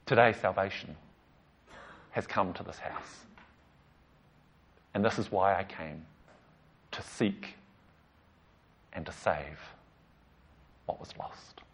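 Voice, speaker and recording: A man voicing Jesus as a gentle, inviting teacher, speaking softly and sometimes near a hush. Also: sits low, unhurried, pauses often, breathy edge, voice pushed down, heavily acted. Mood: solemn. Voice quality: soft, hushed delivery. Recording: slightly dull lo-fi recording.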